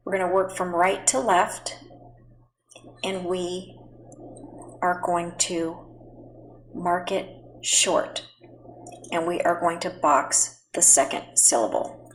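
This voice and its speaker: A woman teaching a phonics lesson to children at home, speaking slowly and patiently and spelling words out letter by letter. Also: fairly low pitch, a little hiss or hum, low-quality recording. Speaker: reading teacher.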